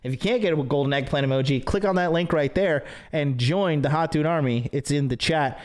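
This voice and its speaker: A man hosting a livestream in a loose, rambling rant. His talk is packed with swearing and "like", and his voice sits a little high for a man. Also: a little fast. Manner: profane, rambling storytelling with many fillers. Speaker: dating coach and stream host.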